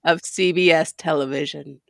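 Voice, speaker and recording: Co-host, woman, lowish voice, easygoing and agreeable, dry close recording. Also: steady tone, moderate pace, vocal fry, no echo. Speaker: podcast co-host. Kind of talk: casual chat recapping a TV episode.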